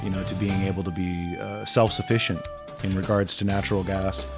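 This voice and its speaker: A man co-hosting a talk radio show, reading news articles aloud with relaxed asides. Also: deep voice, brisk, music in the background. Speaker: radio co-host.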